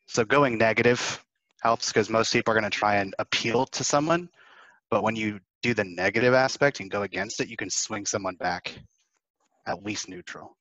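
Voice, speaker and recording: A young man with a fairly low voice chats loosely about cold calling, slipping into little acted-out phone exchanges. The audio is dry and a little dull, like a lo-fi recording with no room sound. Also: normal speed, no echo. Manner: animated, acts out phone exchanges. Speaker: sales panelist. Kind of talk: casual advice chat.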